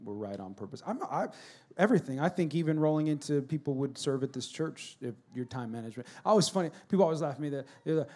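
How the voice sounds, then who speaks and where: High-voiced guy preaching at church, gets loud then goes quiet and earnest. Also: fast talker, hardly any pauses. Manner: animated, swings between loud acted shouting and quiet earnest talk. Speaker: pastor. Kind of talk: sermon.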